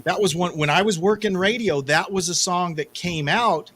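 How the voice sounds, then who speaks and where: A man's voice: high-pitched, moderate pace, a bit bright, low-quality recording. Chatty middle-aged male podcast host. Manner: chatty storyteller, self-deprecating. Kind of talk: casual chat.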